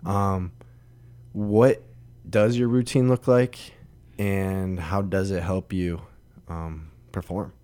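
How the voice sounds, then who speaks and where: A man's voice: low voice, steady tone, takes it slowly, mellow. A man hosting a podcast, asking questions in an easygoing, conversational way. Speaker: podcast host. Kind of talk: casual podcast interview.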